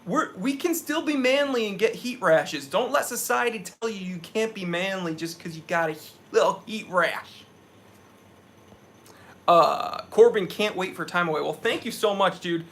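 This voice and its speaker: Young man, from New England, casual live stream host, chatty, loose, bright tone. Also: high voice, animated, normal speed, a little hiss or hum. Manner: chatty, loose, reads viewer comments aloud.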